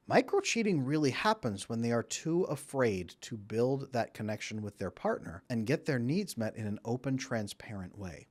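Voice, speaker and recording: Male relationship coach, mid-pitched, animated delivery, direct advice to camera. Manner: animated, acts out quoted voices.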